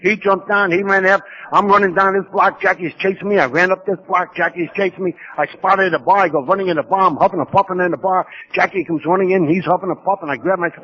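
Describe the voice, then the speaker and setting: A man's voice: high voice, fairly even intonation. Gritty New man telling his story. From New York. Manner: gritty, streetwise, rapid-fire storytelling. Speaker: speaker at a recovery conference. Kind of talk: personal storytelling talk. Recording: lo-fi 1990s conference tape.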